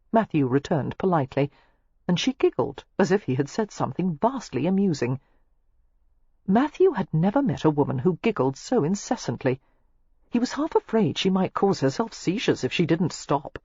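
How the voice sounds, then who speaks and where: A woman narrating a romance audiobook in a steady, expressive storytelling manner. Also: deep voice, husky, dry recording, highs cut off.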